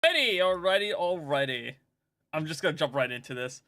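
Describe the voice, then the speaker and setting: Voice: mid-range voice, a little fast, fairly bright tone. A streamer in casual gaming chat, rambling and joking with frequent giggles.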